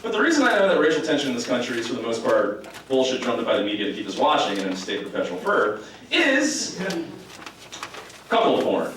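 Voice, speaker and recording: Animated stand-up comic in an echoey club. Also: male voice, medium pitch, fast talker. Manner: animated, shouting punchlines over laughter. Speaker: stand-up comedian. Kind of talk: stand-up comedy set. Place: comedy club stage with live audience. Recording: echoey club, distant mic, crowd noise. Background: audience laughter.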